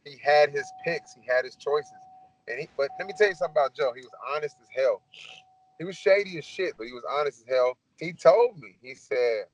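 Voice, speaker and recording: Blunt, profane ex-fighter telling stories. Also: male voice, fairly high pitch, animated, brisk, dry recording, muffled recording. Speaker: former fighter telling his story. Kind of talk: casual storytelling Q&A.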